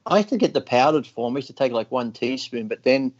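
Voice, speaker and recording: A man chats casually as a podcast guest, spinning rough anecdotes full of swearing. His voice sits at a middle pitch. The recording is dull and lo-fi. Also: lively intonation, fast talker, darkish tone. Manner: crude, laughing anecdotes, heavy swearing. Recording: dull lo-fi audio.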